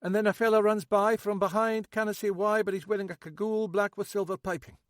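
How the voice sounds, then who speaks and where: A man putting on a blunt, high-strung Scottish man. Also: fairly even intonation, fast, no room sound, clean studio sound, natural voice. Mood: insistent. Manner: raised, eager, insistent, rattles off detail. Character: odd, blunt Scottish man with a sharp memory.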